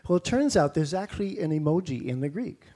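A man's voice: on the high side, lively intonation, fast talker, mellow. A man with a Canadian accent preaching a sermon in a conversational way, with rhetorical questions and mock-incredulous asides.

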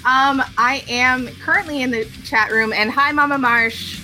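A woman's voice: high voice, steady tone, a little slow, music in the background, rough recording. A woman guest on a casual podcast, speaking with hesitations and many ums. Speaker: guest, audio producer.

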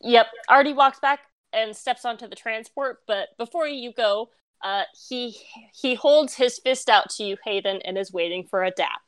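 A woman narrating as game master of a tabletop game, relaxed and chatty with plenty of fillers. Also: on the high side, moderate pace, clean tone, dry recording.

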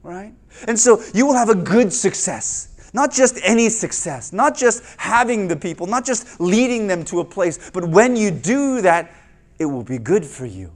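A male pastor giving a conversational sermon, often checking in with the listeners with "right?" and swinging between louder and quieter delivery. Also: high-pitched, expressive, normal speed.

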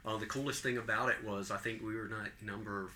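A man in casual podcast chat, answering in a dry, low-key way. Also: fairly even intonation, a little fast, very noisy. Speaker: podcast co-host, former band member.

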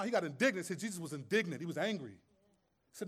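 A man's voice: high-pitched, very animated, fast talker, a bit bright. A man preaching a sermon as pastor, conversational and streetwise, with humor and rhetorical questions.

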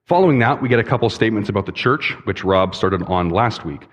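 A young man, a pastoral intern, giving a sermon in a church, relaxed and conversational in his storytelling. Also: lowish voice, brisk, breathy edge. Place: church sanctuary. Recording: long reverb in a church hall.

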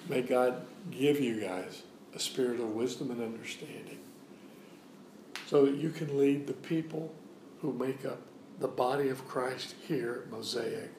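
A man's voice: mid-range voice, measured pace, a little mellow, echoey room, slight background noise, poor audio. A man giving a sermon as a guest preacher in a church, preaching in a conversational way and repeating phrases for emphasis. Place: church sanctuary.

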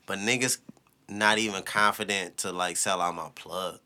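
A man who runs a media company, talking in loose, profane casual chat, loud one moment and low the next. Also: fairly even intonation, normal speed. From St. Louis. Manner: loose, profane, swings from shouting to low asides. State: drunk.

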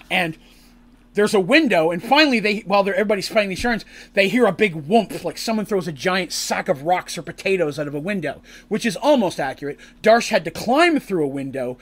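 A man recapping a tabletop role-playing session as game master, in animated storytelling that bursts into acted character lines. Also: high voice. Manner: lively, acts out characters' lines in shouts and squeals.

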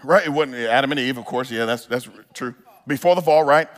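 A man's voice: mid-range voice, a little fast. A male pastor preaching a sermon in an earnest style, building to emphatic peaks and often restarting his phrases.

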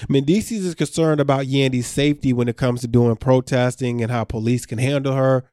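A man's voice: medium pitch, steady tone, a little fast, dark tone, dry recording, studio quality. A man co-hosting a podcast, recapping a reality show in loose casual chat and laughing often.

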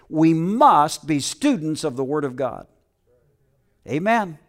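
A middle-aged man delivers a sermon in a slightly raised voice. He preaches casually, stumbling over fillers and drawing amens from the room. It's pastoral storytelling mixed with scripture. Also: a little high.

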